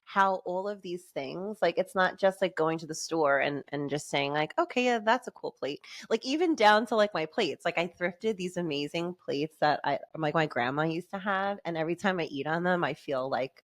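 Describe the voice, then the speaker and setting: A woman with a somewhat low, warm speaking voice, talking as a podcast guest. She rambles happily with plenty of "like" and self-corrections, and breaks into laughs as she goes. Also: moderate pace, few pauses. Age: adult with a son and fiance. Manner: chatty, lots of "like" and restarts, laughs easily. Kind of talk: casual conversational interview.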